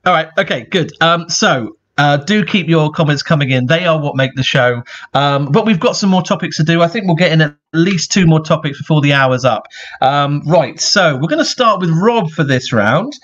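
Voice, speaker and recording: A man's voice: on the high side, expressive, moderate pace, fairly bright tone, lo-fi sound. A man hosting an online comedy contest in a chatty way, with lots of fillers, on a video call. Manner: chatty, filler-heavy, upbeat. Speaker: host. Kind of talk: casual online show hosting.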